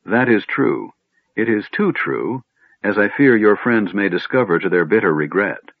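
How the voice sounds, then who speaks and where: A man reading an audiobook voices a female silver dragon in elf form, speaking in a low, grave and passionate way, on a tinny phone-like recording. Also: animated, moderate pace, dry recording. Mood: grave, sorrowful. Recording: tinny phone-like band, dry.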